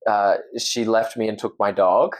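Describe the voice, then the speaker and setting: A man's voice: on the low side, fairly even intonation, moderate pace. A young Australian man with an Australian accent, chatting earnestly and openly as a podcast guest. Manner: earnest, open, laughs easily. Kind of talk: casual chat.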